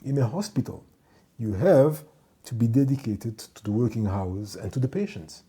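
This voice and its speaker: A man telling a story from his work as a ship's doctor and department head, in a measured, emphatic way that repeats points for stress. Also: medium pitch, warm tone, husky. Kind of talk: storytelling monologue.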